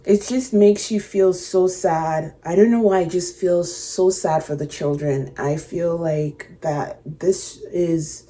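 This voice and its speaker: A woman hosting a reaction video, talking to camera in a halting, emotional way, often stopping to search for words. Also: lowish voice, dark tone. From Canada. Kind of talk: reflective casual talk to camera.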